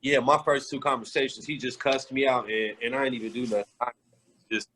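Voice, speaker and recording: A man in a casual sports podcast interview tells locker-room stories with blunt, profane candor. His delivery is animated and loose, with quick shifts as he relives the moments. His voice sits at an ordinary middle pitch. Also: slight background noise, low-quality recording. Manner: candid, profane, animated retelling. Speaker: podcast guest, former pro basketball player. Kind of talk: casual storytelling.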